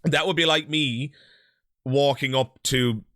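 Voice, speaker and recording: An Irish man from Ireland hosts a podcast, chatting casually and voicing strong opinions in an animated way, laughing often. He speaks slowly at medium pitch, with clean studio sound and no echo.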